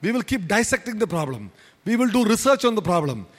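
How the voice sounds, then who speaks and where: A man's voice: sits high, very animated, fast talker, in a large hall. A man preaching a sermon as pastor, emphatic and repetitive, with many rhetorical questions. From India.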